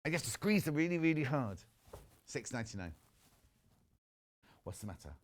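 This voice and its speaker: A middle-aged shopping channel presenter speaks at a medium pitch and normal speed from a TV studio. Lively and gossipy, he chats during live selling and reads out viewer messages.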